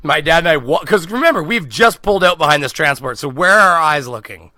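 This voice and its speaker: A man, co-hosting a podcast, telling a story in a lively, swearing, laughing way. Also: fairly high pitch, fast talker, no echo. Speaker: podcast co-host. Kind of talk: casual storytelling chat.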